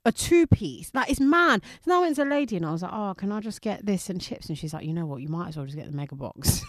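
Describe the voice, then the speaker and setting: A young woman, co-hosting a casual chat and telling a story with slang, swearing and quick laughs. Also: medium pitch, expressive, no room sound, studio quality. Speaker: radio and podcast co-host.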